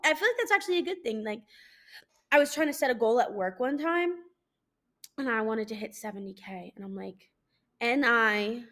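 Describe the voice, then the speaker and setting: Young woman podcast host, high bright voice, profane, blunt, self-mocking solo rant. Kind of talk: casual solo podcast chat.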